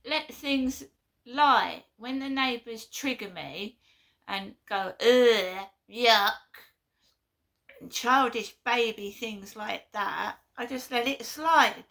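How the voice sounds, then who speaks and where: Woman vlogger, fairly high and bright, earnest and insistent. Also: gravelly. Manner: blunt, earnest, repeats herself. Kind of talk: impassioned monologue.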